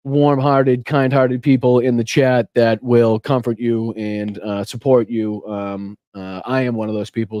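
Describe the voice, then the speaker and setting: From his home, where an air conditioner hums, a middle-aged man with a Boston accent runs a casual political livestream, swearing freely and calling out viewers' chat names. His medium-pitched voice is steady, unhurried and mellow, with hardly any pauses. The recording has no room sound.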